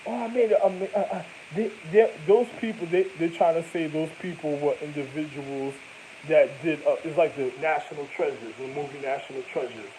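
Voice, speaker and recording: A man's voice: a little high, fairly even intonation, moderate pace, warm tone, a little hiss or hum, poor audio. A man in a rambling, profane monologue that jumps from topic to topic.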